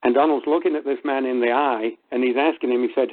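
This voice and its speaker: A man with a mid-range voice calls in to a talk show and retells a story in a lively way. He chuckles and acts out the quotes as he goes. His voice comes through a narrow, tinny phone line. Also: medium pitch, quick pace. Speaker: caller. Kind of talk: casual storytelling on a call-in show.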